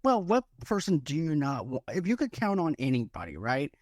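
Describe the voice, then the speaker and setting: A man co-hosting a podcast, chatty and jokey, thinking each film pitch through out loud. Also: huge pitch swings, brisk, no echo, studio quality. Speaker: podcast co-host. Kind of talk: casual podcast chat, mock pitch role-play.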